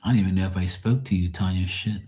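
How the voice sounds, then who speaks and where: A middle-aged man with a deep, warm voice hosts a live tarot stream, talking fast with fairly even intonation. In this casual livestream chat he tells blunt, swear-filled stories and greets viewers by name.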